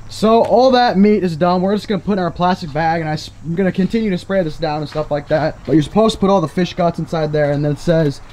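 Excitable young man vlogging outdoors. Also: fairly high pitch, fairly quick, slight background noise. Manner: excitable, chatty, addresses viewers as folks and boys. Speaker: fishing vlogger. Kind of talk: casual outdoor vlog tutorial. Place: outdoors at a lakeside fish cleaning station.

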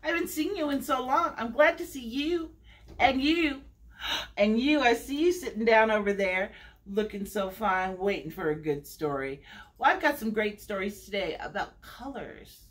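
A woman's voice: fairly high pitch, lively intonation, normal speed. A woman who works as a children's librarian, reading a picture book aloud for an online storytime. She talks in a sing-song way, asks the children to join in and makes the animal sounds herself.

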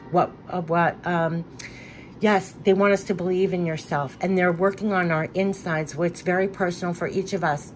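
A woman's voice: fairly low pitch, slight background noise. A woman giving a spiritual card reading, speaking in an effusive, emphatic way and repeating affirmations again and again. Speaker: tarot card reader.

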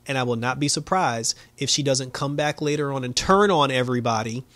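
A man talks through a TV episode in a loose, unscripted recap, full of fillers and the odd laugh. His voice sits at an ordinary middle pitch. The sound is close and dry, with no room echo. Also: fairly quick, a bit bright. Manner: loose, lots of fillers, laughs often, acts out quotes. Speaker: show reviewer.

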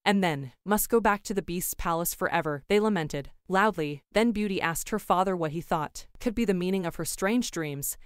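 A woman narrating a classic fairy tale in a calm, measured reading for English learners. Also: fairly low pitch, clear, resonant tone, no echo, clean studio sound.

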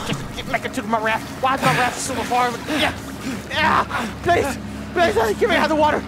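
Hoarse, jumpy high-voiced gamer man. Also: animated, measured pace, over loud music, a loud crowd. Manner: jumpy, yelling and swearing, laughing. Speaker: gaming video host. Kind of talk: let's play commentary. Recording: game sounds under the voice.

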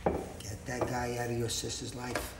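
An older man acting as a fatherly bartender with a past in prison, giving gentle, wry advice. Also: medium pitch, monotone, a little slow, creaky. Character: older male bartender, fatherly ex-con, calm advisor. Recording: echoey room, distant mic, background noise.

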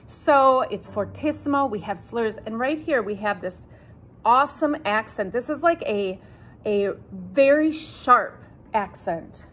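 Her voice sits on the high side, expressive and unhurried, as she teaches cello by counting in and naming notes. Patient and self-deprecating, she repeats her instructions while a cello plays alongside.

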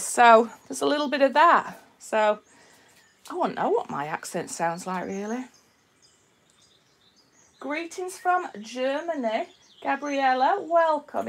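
A woman with a Yorkshire accent and a slight Australian twang, chatting casually to viewers on a live stream as she demonstrates her craft, greeting people and reading out their comments. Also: mid-range voice. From Yorkshire, England. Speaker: resin artist hosting a live stream.

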